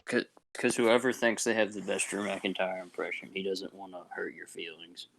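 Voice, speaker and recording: A man's voice: low voice, level tone, normal speed, vocal fry, fairly bright tone, slight background noise. A young man co-hosting a casual podcast, chatting loosely in laid-back, rambling banter. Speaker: podcast co-host. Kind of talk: casual chat.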